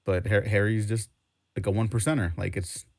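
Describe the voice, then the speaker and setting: A man co-hosting a casual comic book review chat, opinionated and full of quick asides. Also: on the low side, fairly even intonation, no room sound, studio quality. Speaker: co-host.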